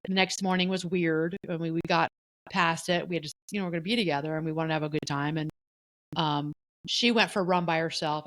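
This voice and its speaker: Middle-aged woman, lower register, candid and animated storyteller in a casual podcast chat. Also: dry recording, poor audio. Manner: candid, animated, often voices the people she quotes. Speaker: podcast co-host.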